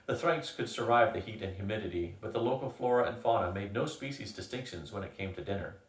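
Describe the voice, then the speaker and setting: A man's voice: lowish voice, fast talker. Older man reading a novel aloud. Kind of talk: book reading. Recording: echoey room, from a distance.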